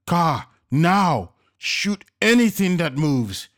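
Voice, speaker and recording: A man voicing a tough male gunman leader under fire, giving orders in barking shouts. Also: sits high, sing-song, normal speed, vocal fry, dry recording, clean studio sound, voice pushed up, heavily acted. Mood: urgent commanding.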